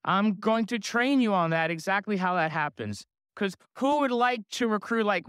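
Clear-voiced boastful male sales trainer. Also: high-pitched, dry recording, studio quality. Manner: boastful, energetic, asks the crowd questions. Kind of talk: motivational seminar talk to an audience.

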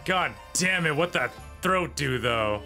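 A man's voice: on the high side, lively intonation, slow pace, sharp tone, soft background music. A man streaming a video game, joking crudely and swearing as he plays. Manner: crude, joking, swears freely and laughs a lot. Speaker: gaming streamer. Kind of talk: casual gameplay commentary.

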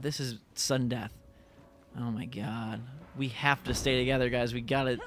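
A young man giving chatty, excitable live commentary while playing a multiplayer game. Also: mid-range voice, moderate pace. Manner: excitable, chatty, reacts loudly to the action. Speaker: gaming YouTuber.

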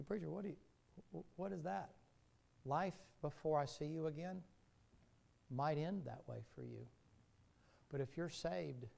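Male pastor, gravelly storyteller, preaching from the pulpit, loud to hushed. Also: on the high side. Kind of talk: sermon.

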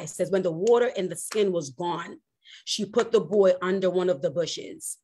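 A woman pastor preaching a sermon, animated, swinging from loud exclamations to hushed, slow emphasis. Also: fairly low pitch, husky.

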